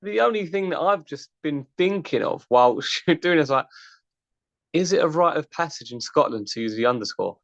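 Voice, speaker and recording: A man's voice: a little high, animated, normal speed, gravelly, fairly bright tone, dry recording, lo-fi sound. A man hosting a running podcast, chatting in a friendly way and reading a guest introduction. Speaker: podcast host. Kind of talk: casual chat and scripted guest introduction.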